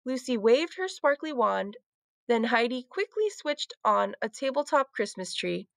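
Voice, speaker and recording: Teacher lady reading a kids book out loud, lively up and down voice, dry sound. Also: a little high, a little slow, no room sound. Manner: clear, expressive storytelling. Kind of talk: children's book read-aloud.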